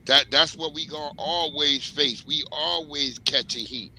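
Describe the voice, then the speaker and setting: A man's voice: a little high, a little slow, sharp tone, slight background noise, rough recording. A man in a casual panel discussion, blunt and heated, cursing freely.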